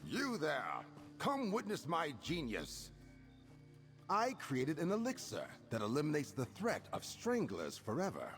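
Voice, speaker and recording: A man's voice: fairly high pitch, wildly swooping pitch, unhurried, a bit bright, faint music behind, heavily acted. An actor playing a boastful male alchemist in a game, showing off his invention with grand delivery.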